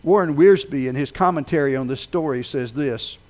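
A man preaching a sermon, telling a story with dramatic swells that rise loud and then sink low. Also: moderate pace. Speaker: pastor.

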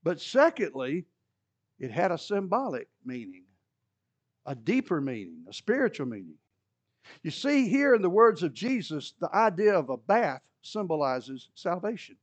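A male pastor preaching an animated sermon, mixing scripture explanation with humorous asides. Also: high-pitched, moderate pace, no room sound.

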